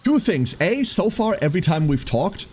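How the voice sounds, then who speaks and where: Animated, swearing man streaming a game. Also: high-pitched, normal speed, soft background music. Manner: animated, swears freely, laughs often. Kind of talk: casual live-stream chat.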